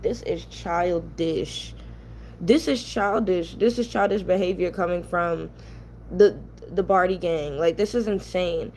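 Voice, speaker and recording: A woman's voice: medium pitch, a little mellow, a little hiss or hum. Heated, blunt young New woman. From New York. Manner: blunt, ranting, profane. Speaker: commentary channel host. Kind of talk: heated casual commentary.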